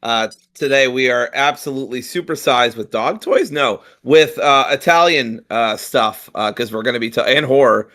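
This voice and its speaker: A man's voice: mid-range voice, moderate pace, hardly any pauses, sharp tone. A man co-hosting a casual gaming podcast, rambling with lots of filler sounds and self-mocking jokes. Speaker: podcast co-host.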